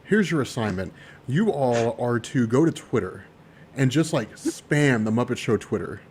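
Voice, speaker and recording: An excitable man hosts a casual podcast chat. His voice swings widely in pitch, and he laughs a lot while leaning on "dude" and "like". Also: normal speed, a little hiss or hum. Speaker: podcast host.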